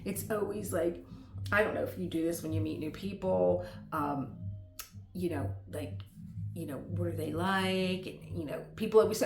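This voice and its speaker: Chatty middle-aged woman, low voice, echoey room. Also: normal speed, gravelly, slight background noise. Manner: chatty, rambling with frequent laughs and tangents. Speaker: lifestyle vlogger. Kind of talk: casual chat.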